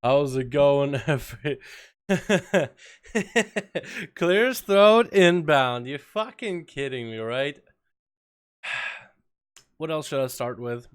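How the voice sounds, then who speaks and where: A man chatting casually on a game livestream, loose and profane, telling stories with animated swings in energy. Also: fairly high pitch, takes it slowly, pauses often, clear, resonant tone. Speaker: game streamer. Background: faint background music.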